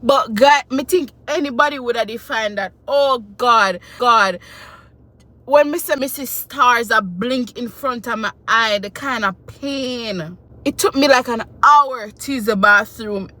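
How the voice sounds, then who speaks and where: A woman, telling a personal story in a casual, animated and emotional way. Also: on the high side, measured pace. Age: 20s. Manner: animated, emotional retelling with quoted voices. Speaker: vlogger.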